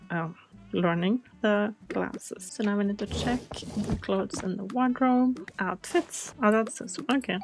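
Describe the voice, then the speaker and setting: A woman's voice: mid-range voice, creaky, slight background noise, low-quality recording. A woman hosting a Let's Play, chatting casually and thinking aloud as she plays, often surprised by what she finds. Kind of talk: casual game commentary.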